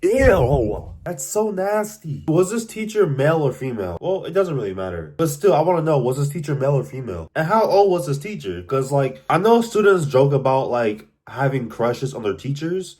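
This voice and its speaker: A man's voice: a little high, very animated, moderate pace, hardly any pauses, darkish tone. A young man reacting to anonymous confessions in casual commentary, incredulous and repeating his lines for emphasis.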